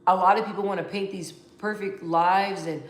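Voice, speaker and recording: The speaker is a young adult woman vlogging with a mid-range, steady-toned voice at normal speed. Her casual, heartfelt talk is candid, emotional, and rambling, with frequent restarts and repeated words, captured with a roomy echo.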